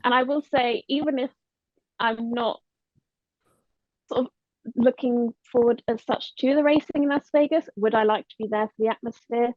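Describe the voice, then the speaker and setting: Woman podcast co-host, somewhat high voice, dull lo-fi sound, dry. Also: fairly even intonation, normal speed, long pauses, no room sound. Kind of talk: casual chat.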